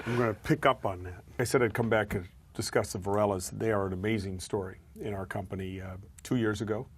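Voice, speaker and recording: A man hosting an interview, briskly steering the conversation. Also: fairly low pitch, fairly even intonation, breathy edge. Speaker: interview host, company chairman.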